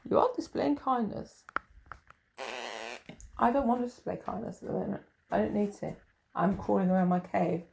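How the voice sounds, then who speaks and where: A woman's voice: medium pitch, fast talker, vocal fry, background noise. A woman, talking in a blunt, sweary, rambling way with muttered asides. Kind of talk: rambling casual monologue.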